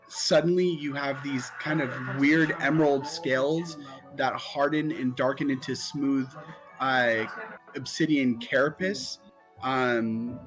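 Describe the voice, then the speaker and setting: A man slowly describing his character's spell in a tabletop game, pausing with many ums. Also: mid-range voice, fairly bright tone, low-quality recording. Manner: slow, halting, many ums. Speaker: player.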